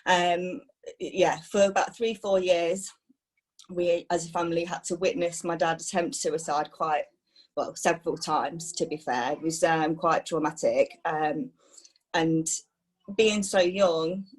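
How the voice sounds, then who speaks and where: Young woman, lowish voice, halting testimony, lots of pauses and restarts. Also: fairly even intonation. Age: young adult. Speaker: person sharing a personal story. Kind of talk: personal testimony.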